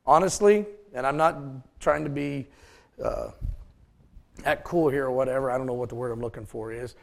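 A man's voice: mid-range voice, steady tone, moderate pace, creaky. A man preaching a sermon, joking with his congregation between points. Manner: folksy, joking asides to the congregation. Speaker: pastor.

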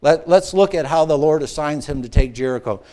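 A man preaching a sermon, with playful asides, call-and-response questions, and swings between excited shouts and hushed, earnest passages. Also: a little high, fairly quick. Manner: rises to excited shouts, drops to hushed tones. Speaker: pastor.

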